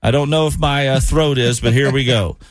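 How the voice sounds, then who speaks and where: A man's voice: mid-range voice, fairly even intonation, brisk, dry recording. A man hosting a morning radio show in a studio, with upbeat, joking banter. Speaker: radio host. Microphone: studio microphone.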